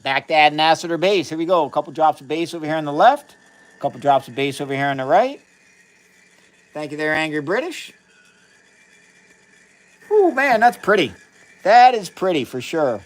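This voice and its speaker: A man hosts a casual live science stream from a chemistry lab, narrating each step of his experiments. His voice sits a bit high for a man, and he keeps up a friendly running chat with viewers, greeting them by name. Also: expressive, fairly quick.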